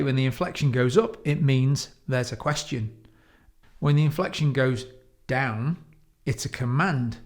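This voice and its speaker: A man from the United Kingdom giving a measured teaching talk on coaching, slowing down to stress key words. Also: mid-range voice, darkish tone. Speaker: coach trainer.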